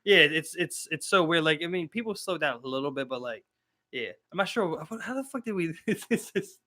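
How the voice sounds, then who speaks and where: A man's voice: on the high side, animated, brisk, pushed and bright. A man with a Baltimore accent co-hosting a podcast in casual banter, rambling and laughing often. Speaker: podcast co-host.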